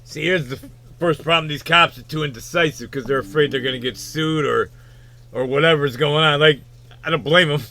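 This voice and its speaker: A man's voice: on the high side, a little fast, bright, forceful tone, slight background noise. A man giving rambling, casual reaction commentary on a video, full of fillers and the odd swear.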